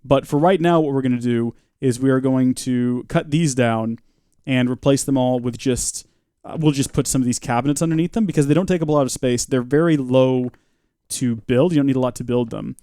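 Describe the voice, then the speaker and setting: A man's voice: mid-range voice, a little fast, dark tone, clean tone, dry recording, studio quality. A man giving chatty, joking live gameplay commentary and reading out viewer comments. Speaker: streamer.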